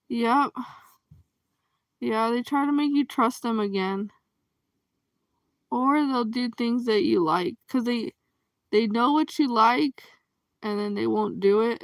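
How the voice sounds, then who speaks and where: Gravelly, expressive woman chatting on a livestream. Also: a little high, no echo. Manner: expressive, laughs often, acts out reactions. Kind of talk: casual chat, reacting to viewer comments.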